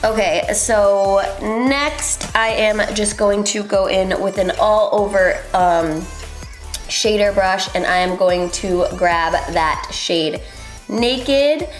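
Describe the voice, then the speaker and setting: Faint music and room echo surround a young beauty vlogger as she chats her way through a casual makeup tutorial. Her voice sits at a medium pitch, her pace is slow, and her talk wanders with frequent ums.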